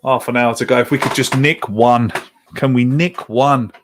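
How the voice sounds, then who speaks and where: There's slight background noise as this podcast host streams a live watch-along of a football match. His mid-range voice keeps a fairly even intonation at a moderate pace while he reacts with frustration and reads viewer comments out loud, sounding exasperated.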